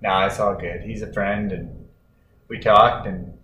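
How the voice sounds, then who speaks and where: A man co-hosting a casual chat, talking in a relaxed, rambling way with fillers. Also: on the low side, unhurried. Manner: laid-back, rambling with fillers. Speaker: podcast co-host. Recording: roomy echo, faint noise.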